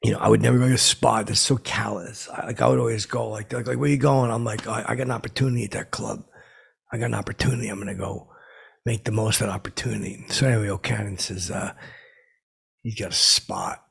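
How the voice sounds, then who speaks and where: A man playing a self-important, washed-up comedian who hosts his own podcast from home, rambling in halting bursts full of fillers and restarts. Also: on the low side, fairly even intonation, fairly bright tone, exaggerated voice. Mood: rambling boastful. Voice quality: gravelly and raspy. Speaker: podcast host. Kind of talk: improvised comic character monologue.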